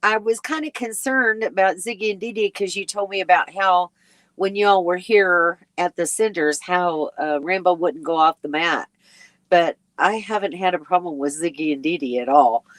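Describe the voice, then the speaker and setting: Sleepy, chatty woman with a lowish voice. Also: normal speed, no room sound. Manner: chatty and rambling, with frequent ums and little laughs. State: sleepy and yawning. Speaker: RV travel vlogger hosting a live chat. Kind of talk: casual live-stream chat, reading viewer comments aloud.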